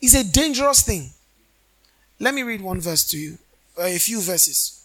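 A man's voice: sits high, animated, normal speed, sharp tone. A man preaching a sermon, often asking the congregation questions and answering them in a sing-song preaching cadence. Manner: call-and-response questions to the congregation. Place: church.

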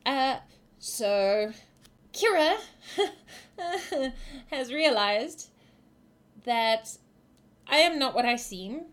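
A woman's voice: high-pitched, lively intonation, very slow, long pauses, a bit bright, full character voice. A woman voicing a flustered young shapeshifter woman who stammers and hesitates, in a tabletop game.

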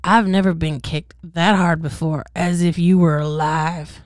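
A woman's voice: fairly low pitch, steady tone, a little slow, no room sound, studio quality, lightly acted. A woman reading as a cursing traitor frozen in ice. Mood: defiant. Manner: foul-mouthed, spitting insults.

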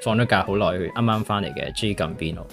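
A man's voice: sits low, lively intonation, quick pace, creaky, a bit bright, faint music behind. A man hosting a podcast, joking around in casual chat. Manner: joking, mock Australian slang, switching between languages. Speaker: podcast host.

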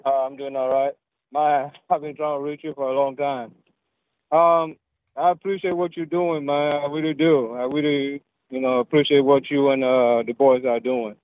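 A male caller on a thin, dry phone line, talking casually with hesitant ums and uhs. His voice sits at a mid pitch. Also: level tone, normal speed, no room sound. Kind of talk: casual phone call to a show.

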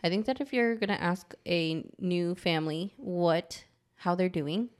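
A woman in her thirties co-hosting a podcast in casual chat, candid and quick to laugh, often checking in with "right?". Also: lowish voice. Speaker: podcast co-host.

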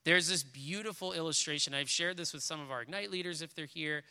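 Bright-voiced preacher in an echoing hall. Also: male voice, on the high side, fairly quick, clean tone. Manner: earnest, with frequent restarts while reading. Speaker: pastor. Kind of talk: sermon. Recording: reverberant hall.

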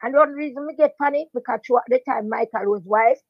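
An older woman with a strong Jamaican accent, a veteran dancehall DJ appearing as a guest, recounts her story in a storytelling interview, speaking animated patois in quick bursts and repeating her main point emphatically. Her voice is high, and the recording is dry and slightly dull, with no echo.

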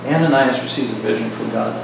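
A middle-aged man preaching a sermon in a casual, joking style, full of asides and lively retellings. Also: medium pitch, fast talker, creaky, very echoey, recorded from a distance, highs cut off, background noise.

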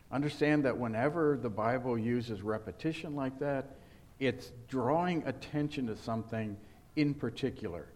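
A man's voice: on the low side, darkish tone. A male pastor preaching an earnest sermon and putting rhetorical questions to his congregation.

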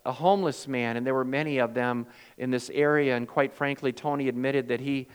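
A male pastor delivering a sermon, swinging from loud, emphatic lines to hushed, quiet ones, and acting out the voices in his stories. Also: mid-range voice, fairly even intonation, a little fast, clean tone, big-room sound. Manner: acts out quoted voices in storytelling.

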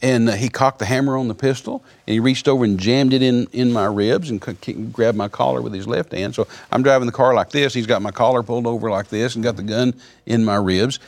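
Male guest, testimony storyteller, fast and gravelly delivery, animated. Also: medium pitch. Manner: animated, repeats words, chuckles while telling.

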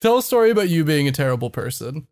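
A man's voice: a little high, very animated, fast, a little mellow, clear, resonant tone. A man bantering on a podcast, teasing and needling a friend. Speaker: podcast co-host. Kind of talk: casual banter. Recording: noisy mic.

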